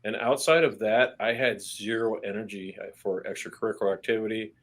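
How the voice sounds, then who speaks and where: A man with a fairly low voice speaks as a guest in a candid podcast interview. He talks in an earnest, plain-spoken way, swears casually, and restarts his phrases when pressing a point. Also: steady tone, fairly quick, a bit bright. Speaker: army veteran guest.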